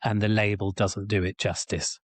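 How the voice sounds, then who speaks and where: A man hosting a podcast, asking gentle, probing, thoughtful questions. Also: on the low side, level tone, moderate pace, no room sound. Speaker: podcast host. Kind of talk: interview questions.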